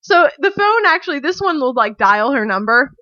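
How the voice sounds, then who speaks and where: A woman guest on a podcast chatting casually and telling a story, animated and giggly, acting out what people said. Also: normal speed, no room sound, dull audio. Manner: animated, giggly, acts out quotes in a high voice.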